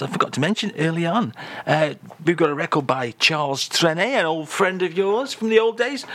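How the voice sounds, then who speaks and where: A man's voice: fairly high pitch, animated, fairly quick, fairly bright tone. A man presenting a comic radio show in a jokey, teasing, mock-exasperated way at a close studio microphone.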